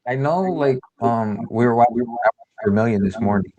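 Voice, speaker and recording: A man's voice: medium pitch, expressive, moderate pace, dark tone. A man hosting a casual livestream, talking in a loose, rambling way and reading viewer comments aloud. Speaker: host.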